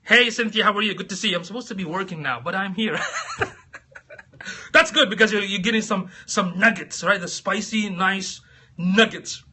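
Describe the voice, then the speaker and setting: A man's voice: high-pitched, moderate pace, bright, forceful tone, slightly rough. A man hosting a casual livestream, chatting with viewers by name and laughing often. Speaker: livestream host.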